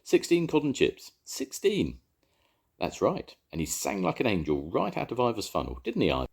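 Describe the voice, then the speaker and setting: A man's voice: on the low side, huge pitch swings, normal speed, vocal fry, a little mellow, breathy edge, voice pushed up, heavily acted. An older man voicing an earnest, plain-spoken railway engine driver in a storybook reading.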